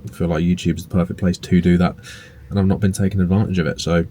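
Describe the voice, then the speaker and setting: A young man chatting casually to camera in a relaxed, rambling way, with fillers and some swearing. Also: sits low, fast. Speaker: bodybuilding vlogger and personal trainer. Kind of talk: casual vlog chat to camera. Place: indoors at home and in a parked car.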